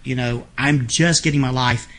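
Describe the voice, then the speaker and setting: A man in a relaxed interview, telling personal stories with a feisty, frank edge and a ready joke. His voice sits at an ordinary middle pitch for a man, and he talks with casual, candid humor. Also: moderate pace. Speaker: interview guest. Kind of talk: casual storytelling conversation.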